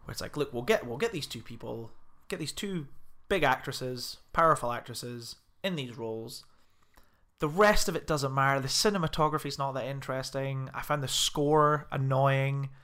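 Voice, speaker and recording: Fairly bright and medium in pitch, this man's voice moves at a moderate pace as he co-hosts a podcast about a film. The talk is casual and chatty, full of laughter and the odd mock Scottish pub voice.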